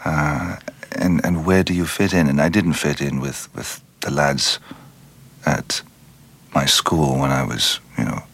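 An Irish-born actor being interviewed, speaking thoughtfully and unhurriedly, often restarting and trailing off mid-phrase. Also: male voice, rumbling low, steady tone, a little slow, creaky, fairly bright tone. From Ireland. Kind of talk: reflective interview conversation.

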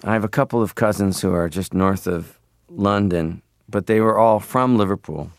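Gravelly low-voiced man rambling. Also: moderate pace, dry recording, studio quality. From Canada. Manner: rambling, full of fillers. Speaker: interview guest. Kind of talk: casual interview chat.

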